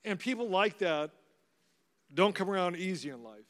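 Expressive and sitting high, this middle-aged man's voice moves at a moderate pace as he, a pastor, preaches through personal stories. His manner is warmly humorous, anecdotal and conversational, and the large hall adds a long reverb.

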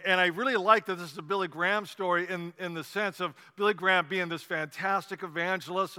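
Bright-voiced male preacher in a hall. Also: sits high, clean tone. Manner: animated storytelling, conversational asides. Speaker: pastor. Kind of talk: sermon.

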